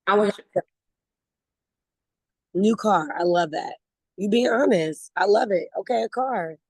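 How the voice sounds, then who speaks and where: Animated woman on a dry video call. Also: mid-range voice, measured pace, no echo, low-quality recording. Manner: animated, conversational, repeats words, laughs while talking. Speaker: network marketing team leader. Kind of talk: motivational talk on a video call.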